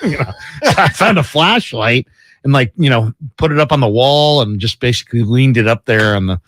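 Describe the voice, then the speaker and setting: A man's voice: medium pitch, brisk. A man co-hosting a sports radio show, telling stories and giving opinions in casual banter. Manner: lively storyteller, opinionated.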